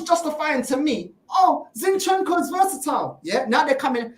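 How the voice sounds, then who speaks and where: A woman's voice: high-pitched, sing-song, normal speed, hardly any pauses. A woman, ranting as a panelist on a fan discussion show, exasperated and mocking. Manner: exasperated, mocking, repeats "bro". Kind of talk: heated fan rant. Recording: echoey room.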